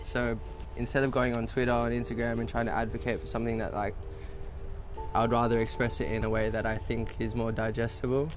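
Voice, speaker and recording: A man's voice: medium pitch, flat delivery, a little fast, music in the background. A young man with a Western Sydney Australian accent, talking casually in an interview, laid-back and sweary, with lots of fillers. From South-West Sydney, Australia. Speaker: rapper interviewee.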